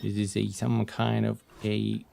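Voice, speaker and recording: A man streaming a video game, chatting excitedly and reading the game text aloud. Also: fairly low pitch, a little slow, creaky, slight background noise. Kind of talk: casual gameplay commentary.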